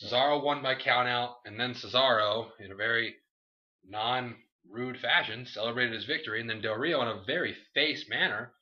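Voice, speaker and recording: A man co-hosting a casual comedy chat, recapping wrestling matches in a goofy, animated way. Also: mid-range voice, normal speed. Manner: animated, breaks into goofy impressions and shouts. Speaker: podcast co-host recapping wrestling. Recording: lo-fi dull recording.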